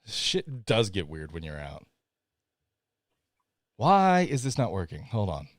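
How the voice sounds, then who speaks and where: Deep-voiced Southern man hosting a stream. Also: wildly swooping pitch, slow, no room sound, studio quality. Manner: chatty, apologetic, laughs often. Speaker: podcast host. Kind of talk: casual live-stream chat.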